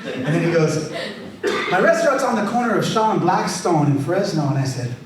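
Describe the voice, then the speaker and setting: A man, an author, telling a lively story to a live audience, chatty and animated, leading the crowd in call-and-response. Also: a little high, fairly quick. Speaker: author giving a reading. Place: event hall with an audience. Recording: very echoey hall, far from mic, faint hiss.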